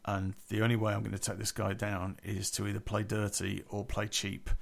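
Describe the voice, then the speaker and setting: A man with a low, gravelly voice telling a story from his own life. He speaks bluntly and casually, swearing freely all the way through. His delivery is plain and unpolished. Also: completely flat delivery, a little fast.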